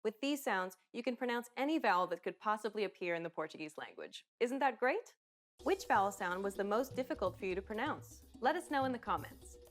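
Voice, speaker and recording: A woman narrating a pronunciation lesson in a clear, explanatory, encouraging way. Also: mid-range voice, expressive, a little fast.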